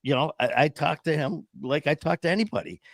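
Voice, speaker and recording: A man's voice: fairly high pitch, fairly quick, creaky, dry recording, studio quality. A man in his fifties telling stories in a casual, rambling way, acting out quoted voices and often restarting his sentences. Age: 50s. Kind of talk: casual storytelling chat.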